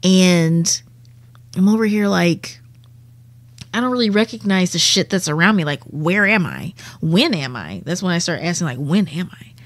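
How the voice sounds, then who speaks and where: A woman's voice: fairly low pitch, animated, normal speed, dry recording. A young adult woman, a comedian guest, telling a vivid and profane story in a casual way.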